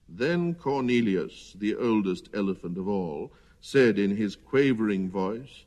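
Expressive man reading a storybook. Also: mid-range voice, unhurried, hardly any pauses, big-room sound. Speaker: storybook reader. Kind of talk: storybook narration.

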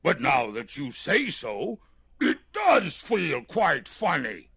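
A man voicing a huge, hungry male bear who is gullible and easily alarmed, whining in a husky, creaky voice for a storybook reading. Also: on the high side, huge pitch swings, takes it slowly, a bit bright, no echo, pitched above the performer's own voice, heavily acted. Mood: whiny.

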